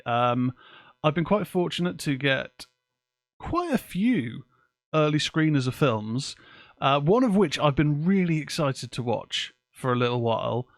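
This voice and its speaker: Chatty podcast host, dry sound. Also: male voice, mid-range voice, gravelly, no room sound. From England. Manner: casual, chatty, swears offhandedly. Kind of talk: live-streamed podcast chat. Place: home office with windows open. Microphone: desk microphone.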